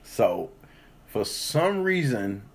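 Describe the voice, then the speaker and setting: A man swapping stories in a relaxed podcast chat, his voice husky and a little rough. He talks in a profane, easygoing way and acts out the people in his stories as he goes. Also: medium pitch, extremely slow. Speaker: co-host. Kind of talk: casual chat.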